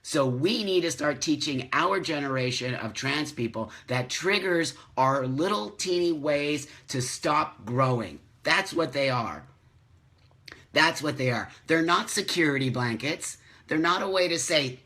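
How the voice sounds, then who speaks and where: A man's voice: on the high side, expressive, unhurried, bright, forceful tone. A man hosting a live morning chat, reading out viewer comments and ranting emphatically, repeating phrases for stress. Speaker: host of a live morning show.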